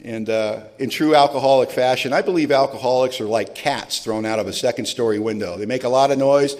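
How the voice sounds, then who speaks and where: In a large event hall with long reverb, a man in his forties tells an audience his own recovery story at a recovery meeting. His mid-range voice is brisk and darkish, and his manner is self-deprecating and humorous.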